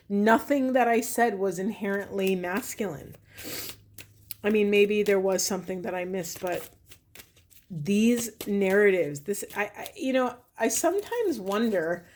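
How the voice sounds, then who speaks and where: A woman's voice: medium pitch, a little mellow. A woman giving a spiritual tarot reading to camera, thinking aloud in a reflective, earnest way with many fillers. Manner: earnest, pleading with viewers. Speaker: tarot reader.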